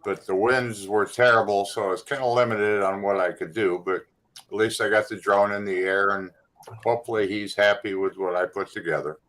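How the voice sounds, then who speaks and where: A man's voice: fairly low pitch, fairly even intonation, brisk, fairly bright tone, poor audio. A man chatting on a casual panel, plain-spoken and full of questions. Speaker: panel guest.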